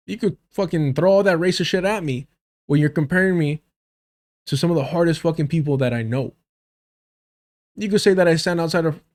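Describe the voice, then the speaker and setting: Give me a man from the US hosting a livestream and picking apart a political debate. He rants in a heated, profane, sarcastic way, and his voice sits a little higher than most men's. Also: a little mellow. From United States. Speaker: political commentary streamer.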